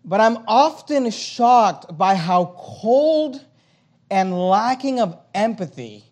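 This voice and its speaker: A man preaching a sermon as pastor, emphatic, with loud high swings and quiet low drops. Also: expressive, slow.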